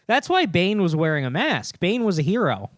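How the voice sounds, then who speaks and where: A man with a high, animated voice banters deadpan on a comedy podcast, sprinkling "like" and "yeah" throughout. His voice sounds close and dry. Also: moderate pace, no room sound. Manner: deadpan agreeing, many "yeah" and "like". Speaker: podcast co-host. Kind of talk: casual comedic chat.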